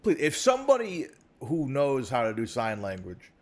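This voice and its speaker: A man's voice: mid-range voice, huge pitch swings, moderate pace. A man co-hosting a podcast in a studio, chatting casually and rambling, with lots of restarts and asides. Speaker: podcast co-host. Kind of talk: casual chat. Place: podcast studio set in a recording studio.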